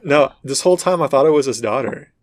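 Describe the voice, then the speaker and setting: A man co-hosting a casual gaming podcast, telling stories in an animated way and acting out dialogue. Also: mid-range voice, fast talker, no room sound, studio quality. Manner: animated storytelling, acts out dialogue in quotes. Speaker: podcast co-host. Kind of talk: casual chat.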